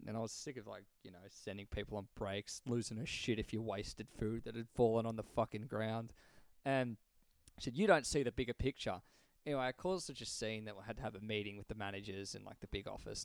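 A man's voice: lowish voice, vocal fry, smooth, no echo. A young Australian man co-hosting a podcast, telling a rambling story in casual chat and swearing freely. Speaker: podcast co-host.

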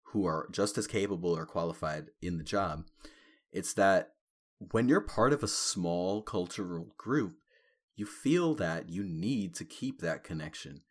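A man of Caribbean background co-hosting a podcast, talking in a relaxed, reflective way and laughing often. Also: low-pitched. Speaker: podcast co-host. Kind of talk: casual podcast chat.

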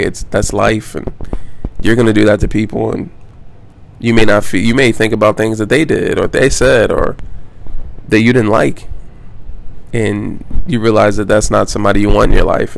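A man's voice: on the low side, fairly even intonation, moderate pace, creaky, slight background noise. A man hosting a solo podcast, talking in a loose, rambling way with lots of fillers, restarts and casual swearing. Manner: rambling, loose, frequent fillers and self-corrections. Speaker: podcast host.

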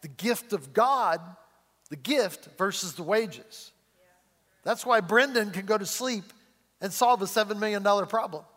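A middle-aged male pastor preaching a sermon in a church in a chatty way, chuckling often and slowing down to stress key words. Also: high-pitched, a bit bright. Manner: conversational preaching, chuckles often, slows and rises for emphasis. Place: church sanctuary. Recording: long hall reverb.

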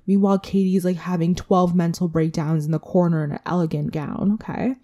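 A woman hosting her own podcast talks through a casual solo recap in a chatty, candid way, throwing in swears and asides. Her voice sits a little low and is very dark and mellow in tone. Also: steady tone, a little fast. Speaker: podcast host.

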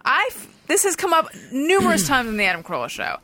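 A woman's voice: high voice, huge pitch swings, fast talker, bright, forceful tone, no echo. A woman hosting a podcast, chatting casually and reading out listener submissions. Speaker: podcast host.

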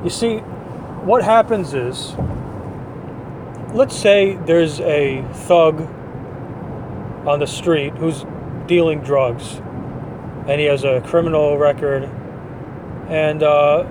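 A man hosts a podcast and rants through his opinions in a blunt, dismissive way. His voice sits a little high for a man. A faint city hum runs underneath. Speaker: podcast host. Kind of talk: opinion monologue.

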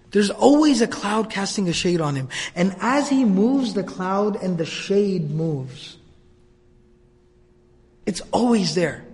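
A man giving a religious storytelling lecture, conversational and animated, with many repetitions. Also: high-pitched, slow pace, in a large hall. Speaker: religious teacher.

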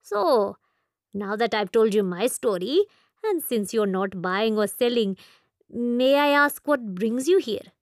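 A woman's voice: a little high, animated, takes it slowly, no echo. A talkative old shopkeeper, put on by a woman narrator for an audiobook, with a genial, rambling way of speaking. His phrasing is formal and old-fashioned, delivered unhurriedly in a close, dry recording. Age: older. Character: elderly male Indian shopkeeper, wry and talkative. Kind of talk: audiobook character voice.

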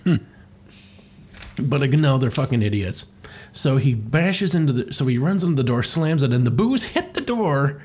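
A man's voice: mid-range voice, very animated, moderate pace, a little mellow, breathy edge. Rambling, profane man recapping a cartoon. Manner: rambling, profane, laughing often. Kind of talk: casual comedic recap.

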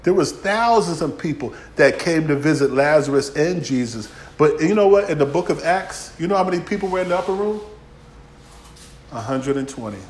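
Pastor preaching in an echoey hall. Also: male voice, fairly high pitch, lively intonation, moderate pace, slight background noise. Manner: dramatic swings from shouting to near-whisper, folksy. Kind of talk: sermon.

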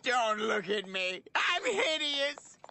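A man's voice: very high voice, sing-song, slow, noisy background, full character voice. A man voicing a vain, bumbling middle-aged cartoon dad who blusters and fusses over his looks. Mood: self-pitying. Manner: goofy, blustering and self-absorbed. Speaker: cartoon character. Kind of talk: cartoon voice acting.

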